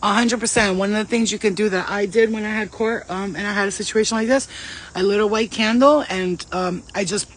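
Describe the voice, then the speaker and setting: A woman giving casual spiritual advice as a vlogger, blunt and profane, telling stories in an animated way. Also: mid-range voice, brisk, slight background noise. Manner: blunt, profane, streetwise talk; animated storytelling.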